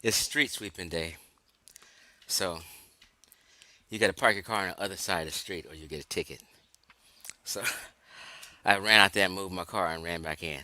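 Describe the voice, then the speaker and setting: Low-voiced guy ranting and cussing on a stream, bright edgy tone, laughs a lot, echoey room. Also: normal speed, long pauses. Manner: blunt, cursing, laughing often. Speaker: livestream commentator. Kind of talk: casual profane commentary.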